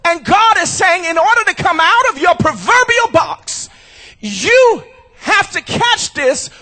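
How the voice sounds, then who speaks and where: A male pastor preaching a shouted sermon at a church service, using rhythmic repetition and calling out to the congregation. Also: extremely high pitch, sing-song, measured pace.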